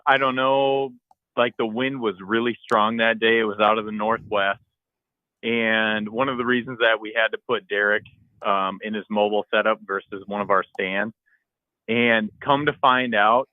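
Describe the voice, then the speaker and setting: A man and podcast co-host telling a hunting story in a casual, animated way, acting out his own shouts and the texts he got. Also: on the low side, no room sound, phone-quality sound.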